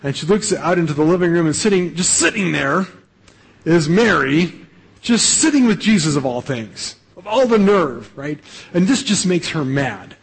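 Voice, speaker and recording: A male pastor with a husky, slightly higher voice preaches in a loose, conversational style. He keeps checking in with the listeners by tagging phrases with "right?" and stumbles into repeated starts as he goes. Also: lively intonation, normal speed, poor audio. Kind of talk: sermon.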